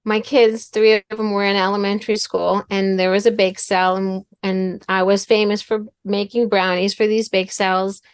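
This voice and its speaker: A woman's voice: medium pitch, flat delivery, moderate pace, few pauses, smooth, no echo. A middle-aged woman speaking as a guest, teaching earnestly through a personal story and often repeating her words.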